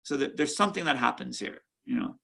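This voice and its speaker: A man who founded a museum chats in an interview at home, an animated storyteller who repeats and restarts his words. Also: mid-range voice, quick pace, vocal fry. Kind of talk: casual interview chat.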